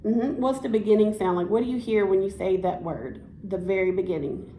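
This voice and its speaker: A woman's voice: mid-range voice, a little fast, warm tone, a little hiss or hum. A woman teacher giving a one-on-one science lesson, encouraging and praising as she prompts the student to repeat after her. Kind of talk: one-on-one classroom instruction. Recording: echoey room.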